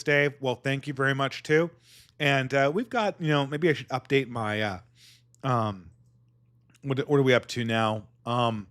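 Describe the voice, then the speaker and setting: A man hosting a casual livestream, thanking donors and musing in a sardonic, halting manner. His voice sits at an ordinary middle pitch, and the sound is dry and close to the mic. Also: a bit bright, no echo. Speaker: livestream host. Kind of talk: casual livestream chat reading donations.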